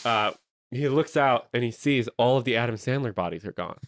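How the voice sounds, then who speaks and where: Animated man pitching a silly movie. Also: fairly quick, no echo. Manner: animated storytelling with silly voices. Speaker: comedy podcast host pitching a movie. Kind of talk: improvised comedy pitch.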